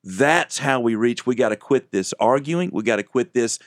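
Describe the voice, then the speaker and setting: A man's voice: medium pitch, lively intonation, moderate pace, no echo. A male radio co-host with an earnest, preaching delivery. He often stumbles over and repeats words as he starts a phrase. The studio sound is close and dry.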